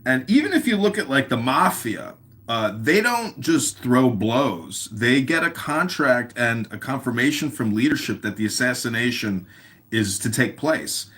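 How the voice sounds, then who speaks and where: A man with an animated, lively pitch, chatting casually and telling rambling anecdotes. He is playful and a little provocative, in a mid-range voice. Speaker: guest on an audio chat room. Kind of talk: casual chat, storytelling.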